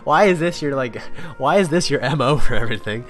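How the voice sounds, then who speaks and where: Male let's player, mid-pitched voice, giggly, reads dialogue playfully, faint music behind. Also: lively intonation, brisk, few pauses, a bit bright. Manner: laughs often, voices characters playfully. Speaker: let's play host. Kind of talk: reading game dialogue aloud with commentary.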